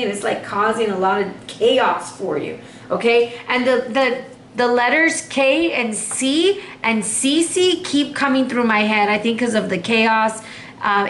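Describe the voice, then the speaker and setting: A woman's voice: on the high side, a bit bright. A woman giving a chatty, sassy tarot reading straight to her viewers. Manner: chatty and sassy, lots of fillers. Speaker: tarot reader. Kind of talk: casual tarot reading to camera. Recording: echoey room with faint noise.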